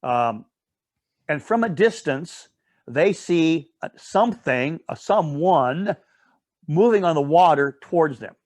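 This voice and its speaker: Leading a casual Bible study, a man with a fairly high, slightly mellow voice tells the story slowly and animatedly, rambling off on tangents, adding asides, and correcting himself. He frequently asks "all right?" to check in with his listeners. The recording is dry and close.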